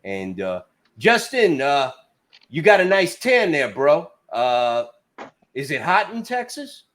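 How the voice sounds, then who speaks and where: A man's voice: a little high, very animated, slow, fairly bright tone. Blunt, teasing New man host. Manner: blunt, swearing, teasing, many "uh" fillers. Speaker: podcast host. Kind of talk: casual trucking talk show. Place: Queens, New York.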